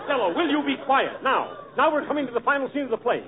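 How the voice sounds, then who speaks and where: A man's voice: very high voice, very animated, fast talker, over a noisy crowd. A man playing straight man in a 1940s radio comedy, exasperated and bossy as he steers the sketch. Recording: tinny old radio broadcast, live audience, hiss.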